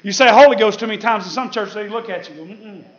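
A man preaching a fiery sermon, with shouted peaks and laughter. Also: high-pitched, fast talker, highs cut off, background noise.

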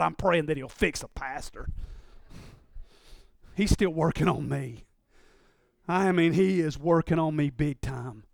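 A man preaches a sermon with a strikingly high voice for a man. He swings from loud shouts down to low murmurs and slips into his listeners' voices as he goes. The sound is dry and close, with no room echo. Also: gravelly. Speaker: pastor.

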